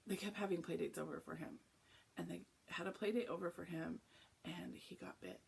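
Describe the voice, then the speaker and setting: A woman's voice: fairly low pitch, a little fast, vocal fry, slightly rough. A young woman chatting casually on a cross-stitch vlog, rambling through a story with lots of asides. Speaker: flosstube vlogger. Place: home, early morning.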